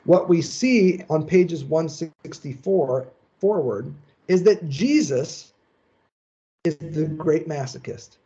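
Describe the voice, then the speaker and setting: A man delivers a seminar lecture, explaining each point in a measured, emphatic way. His voice sits a little high yet sounds mellow and dark. The recording is dull and lo-fi. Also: expressive. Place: lecture session.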